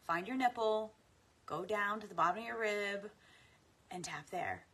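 A woman guiding a tapping meditation, speaking affirmations slowly and softly with deep sighs between them. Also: breathy edge. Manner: slow, soft and soothing, with frequent deep sighs. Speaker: guided tapping practice leader.

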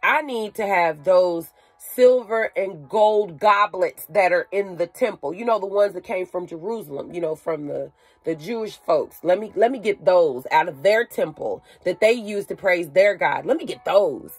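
A woman's voice: lowish voice, normal speed, breathy edge, no echo, soft background music. A woman voicing a boastful ancient king, in casual everyday speech.

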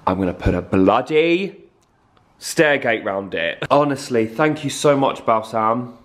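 A young man filming a casual vlog in his flat, gushing and excitable as he talks to viewers. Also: medium pitch, measured pace, recorded from a distance. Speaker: vlogger. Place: flat, indoors. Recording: echoey room.

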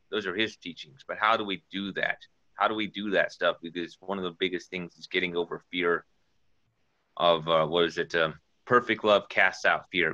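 A man's voice: low-pitched, sharp tone, no room sound. A man sharing an earnest, rambling testimony, quoting scripture as he preaches informally. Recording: dull lo-fi dry sound.

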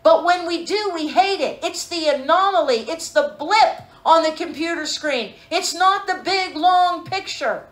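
Woman preacher, high voice, emphatic sermon delivery, echoey room. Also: animated, measured pace, hardly any pauses. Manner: emphatic, calls for amens, rhetorical questions.

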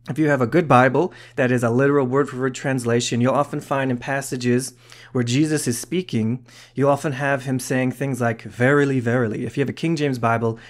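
Earnest man teaching from the Bible. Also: medium pitch. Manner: earnest explaining, reads scripture aloud, sometimes emphatic. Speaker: podcast host and Bible teacher. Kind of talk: solo teaching podcast.

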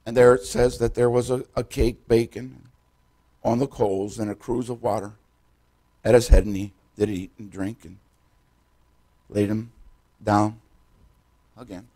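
An older man preaching a sermon in a church, retelling Bible stories dramatically in folksy, direct words, swinging between loud and hushed. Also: medium pitch, moderate pace, pauses often. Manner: folksy, addresses congregation directly. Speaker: pastor. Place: church sanctuary.

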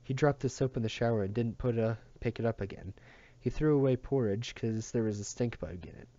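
A man voicing a frightened little boy who pleads in a shrill voice. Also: expressive, moderate pace, mellow, highs cut off, lightly acted. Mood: pleading.

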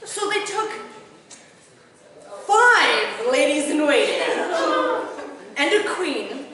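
A woman's voice: high-pitched, sing-song, extremely slow, a crowd in the background. A woman bard telling a comic story live, laughing as she goes and acting out characters' lines. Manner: laughs through her own story; acts out characters' lines in bursts. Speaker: bard at a gathering. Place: large hall at a live event. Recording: echoey hall from far off with audience. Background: audience murmur and laughter.

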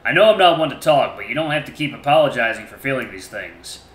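A man voicing a kind clawed male creature companion in a game, soft and reassuring. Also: medium pitch, animated, quick pace, natural voice. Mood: caring. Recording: roomy echo.

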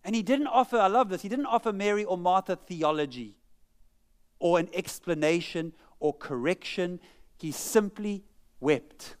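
Speaking at a moderate pace in a clear, resonant high voice, a pastor preaches a sermon in church. He keeps it conversational and funny, often poking fun at himself.

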